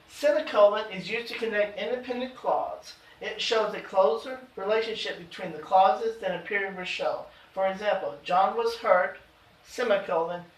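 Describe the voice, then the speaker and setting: A man teaching an adult education grammar lesson, slowing down to read out example sentences with emphasis. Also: high voice. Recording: echoey room, voice from far off.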